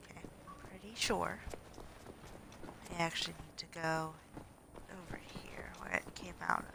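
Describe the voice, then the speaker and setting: A woman in her twenties streaming a first playthrough of a game, chatting casually and muttering quietly to herself. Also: fairly low pitch, steady tone, unhurried, creaky, in a whisper, poor audio. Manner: soft-spoken, muttering to herself. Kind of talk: casual gameplay commentary.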